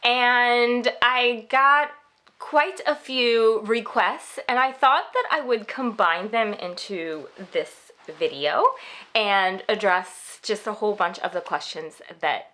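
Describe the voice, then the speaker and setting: A woman in her forties, from the United States, hosting a casual chatty vlog in an upbeat, measured way with sudden lifts in pitch on key words. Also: sharp tone. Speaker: vlogger and host.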